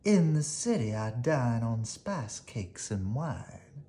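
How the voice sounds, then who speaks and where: A woman voicing a showy female city mouse in a storybook reading, speaking in a grand, drawn-out way. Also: medium pitch, very animated, dark tone, voice pushed up.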